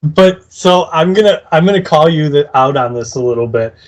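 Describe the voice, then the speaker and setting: A man's voice: a little high, expressive, normal speed. A man co-hosting a podcast, chiming in with jokes during a casual episode recap. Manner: jokey, chimes in with agreement and laughs. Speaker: podcast co-host.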